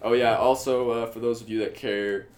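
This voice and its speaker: A young man co-hosting a podcast, chatting casually with quick joking asides. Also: mid-range voice, fairly even intonation, darkish tone. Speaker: podcast co-host. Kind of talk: casual chat. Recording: echoey room with faint noise.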